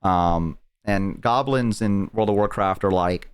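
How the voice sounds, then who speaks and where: A man's voice: on the low side, a little slow, clean tone. A male streamer chatting casually, rambling on tangents as he tells a long story. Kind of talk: casual chat.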